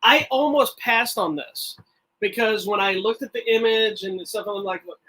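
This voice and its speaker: A middle-aged man co-hosting a podcast, telling stories in a rambling, animated way with frequent restarts. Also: sits high, normal speed, poor audio. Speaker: podcast co-host. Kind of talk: casual chat.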